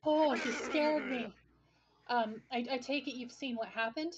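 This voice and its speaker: A woman's voice: on the high side, moderate pace, muffled recording, background noise, pitched above the performer's own voice, lightly acted. A woman voicing an anxious, affectionate female shopkeeper in a tabletop game. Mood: startled. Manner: startled, then tender and earnest.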